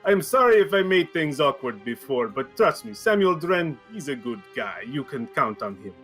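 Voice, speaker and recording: A man's voice: fairly high pitch, very animated, moderate pace, a bit bright, breathy edge, faint music behind, exaggerated voice. A man voicing a proud, cheerful, wealthy noble who speaks in effusive, formal welcomes.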